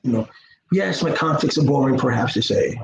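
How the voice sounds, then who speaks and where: A man's voice: mid-range voice, animated, fairly quick, gravelly. A middle-aged man in a casual, rambling vlog monologue, earnest and preachy, often repeating his words. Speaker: YouTuber. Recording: roomy, dull lo-fi sound with faint noise.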